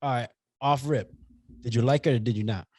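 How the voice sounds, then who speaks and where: A man co-hosting a podcast, talking about a movie in a casual chat, playful and animated. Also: medium pitch, fairly quick, no room sound, studio quality. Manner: animated, playful, acts out silly voices. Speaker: podcast co-host.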